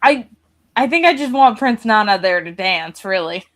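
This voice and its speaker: A woman in a casual chat, playful and lively. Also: mid-range voice, normal speed.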